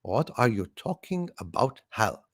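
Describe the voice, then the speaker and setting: A man's voice: medium pitch, big pitch swings, a little slow, husky, no room sound, studio quality, voice pushed down. A man voicing a stern male astronaut who gives curt demands to his ship's computer. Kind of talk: comedy sketch.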